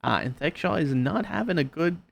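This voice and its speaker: A man narrating as game master, hesitant and filling pauses with uh and um. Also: fairly high pitch, lively intonation, creaky, a bit bright. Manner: hesitant, lots of uh and um.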